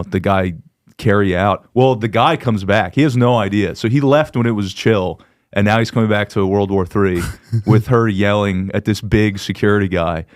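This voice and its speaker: A man with a fairly low voice tells club stories in relaxed podcast chat. He is animated and laughs often as he talks. The sound is close and dry, with no room in it. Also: dry recording. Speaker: stand-up comedian.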